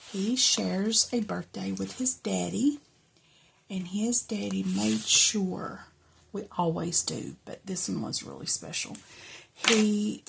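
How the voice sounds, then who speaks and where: Slow, gravelly woman journaling. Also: mid-range voice, animated, a little hiss or hum. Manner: rambling, soft-spoken, drifts into whispers. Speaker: journaling vlogger. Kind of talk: casual journal-with-me chat.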